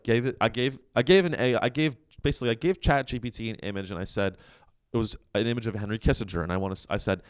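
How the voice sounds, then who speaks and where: A man's voice: fairly low pitch, smooth, no echo, studio quality. A man hosting a podcast, delivering a rambling, profane, sarcastic comedic monologue from a coworking office. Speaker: podcast host.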